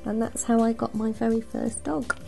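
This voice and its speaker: A woman from England answers interview questions in an animated storytelling way. Her voice is dark and mellow with a gravelly edge. Faint music plays underneath. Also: fairly high pitch, normal speed. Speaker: dog trainer interviewed as guest. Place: outdoors by a river.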